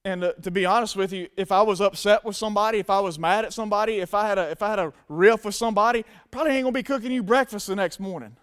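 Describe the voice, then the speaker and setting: A man's voice: sits high, racing, few pauses, a bit bright, clean tone. A man preaching a sermon to a congregation, emphatic and casual. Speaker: pastor.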